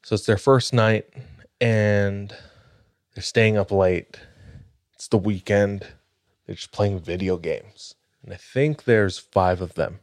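Host, male, deep and unhurried, steady suspenseful storyteller, dry close sound. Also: no room sound. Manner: measured, suspenseful narration. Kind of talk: casual storytelling.

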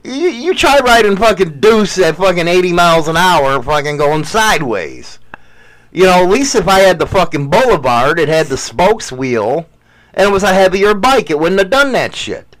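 A man's voice: high voice, very animated, moderate pace, a bit bright. A man co-hosting a podcast, bantering casually in a profane, boastful, mock-preaching way. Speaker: podcast co-host.

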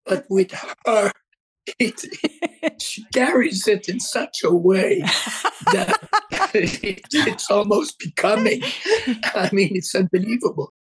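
Husky-voiced older man, slow and halting. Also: high voice, animated. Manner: hesitant, halting, emotional. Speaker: fashion designer, guest. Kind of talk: casual interview chat.

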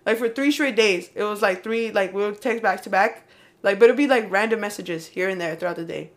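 A woman's voice: mid-range voice, a little fast. Rambling young woman, casual chat. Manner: rambling, heavy use of "like" and "um".

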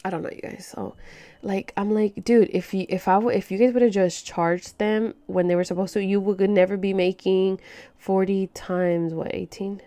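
A woman's voice: medium pitch, fairly even intonation, moderate pace, mellow, slight background noise. A young woman telling a story in a casual home vlog, venting and swearing freely, full of "like" and "you know". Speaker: vlogger. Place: home bedroom.

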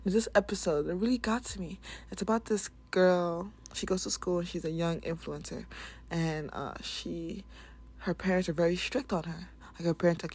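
A woman's voice: lowish voice, normal speed, a little mellow, husky. A woman hosting a casual spiritual talk, speaking candidly and bluntly, swearing and laughing often. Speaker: spiritual podcast host.

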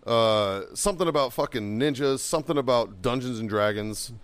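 A man's voice: medium pitch, normal speed, clear, resonant tone. Profane middle-aged man telling war stories. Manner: heavily profane, heated storytelling; bursts into loud yelling while acting out quotes. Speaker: podcast co-host and former Marine. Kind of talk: casual chat, storytelling.

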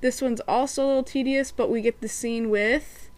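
A woman's voice: on the high side, fairly even intonation, moderate pace, a little mellow, dry recording. A woman hosting a podcast, reviewing cartoon episodes in casual, chatty talk and acting out quotes. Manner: chatty, giggly, acts out quotes.

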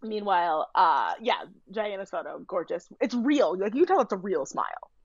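A woman's voice: medium pitch, sing-song, normal speed, husky, no room sound, highs cut off. A woman co-hosting a podcast, chatting casually and opinionated as she recaps a TV show with lots of fillers. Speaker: podcast co-host.

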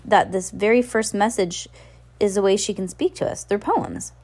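A woman's voice: medium pitch, normal speed, a little mellow, lightly acted. A woman reading the lines of an earnest, bookish teenage boy who explains things eagerly. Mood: explaining.

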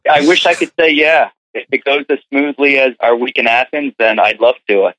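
A man with a Philadelphia accent, calling in as a podcast guest and chatting in a relaxed way with many fillers. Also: mid-range voice, brisk, no room sound. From United States. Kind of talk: casual chat on a phone line. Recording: thin phone-line audio.

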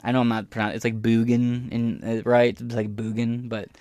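A man's voice: fairly low pitch, flat delivery, fast, darkish tone, no room sound, soft background music. An American man hosting a podcast, rambling through a casual, profane and sarcastic rant that drifts off topic. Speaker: podcast host. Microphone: audio-only podcast mic.

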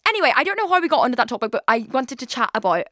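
A woman's voice: sits high, very animated, racing, a bit bright, no echo, studio quality. A young woman hosting a podcast, chatting casually in a rambling, self-deprecating way and laughing often. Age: young adult. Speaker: podcast host. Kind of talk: casual chat.

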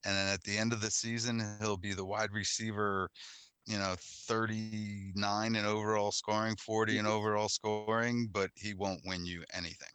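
A man's voice: lowish voice, little pitch movement, moderate pace, a bit bright, clear, resonant tone. A man, a fantasy analyst, making matter-of-fact points in casual podcast chat.

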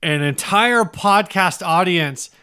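A man's voice: high-pitched, slow pace, sharp tone, clean tone. A man co-hosting a casual podcast chat, teasing his friend and reading listings aloud with mock quotes. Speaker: podcast co-host.

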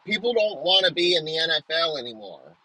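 A young man tears through a profane comedic rant, riffing crudely and restarting his sentences as he goes. His voice is sharply bright with a husky edge. The recording is close and dry, with no room sound. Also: fairly high pitch, big pitch swings, brisk, no room sound, poor audio.

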